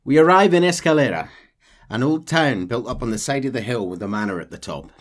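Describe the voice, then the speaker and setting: A man hosting a casual podcast, walking his listeners through a game's story and chuckling along the way. He speaks at a medium pitch with lively, animated rises and falls. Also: fairly quick. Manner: retells a game's plot, chuckling often. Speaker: podcast host.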